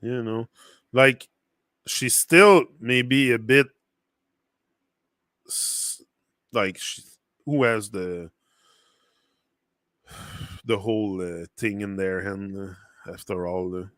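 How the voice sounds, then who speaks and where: French accent guy rambling on his livestream, bright punchy voice, dry sound, lots of uh and like. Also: fairly low pitch, extremely slow, pauses often, no room sound. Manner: rambling, loose, with many fillers and restarts. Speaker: livestream host. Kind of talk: casual motivational livestream talk.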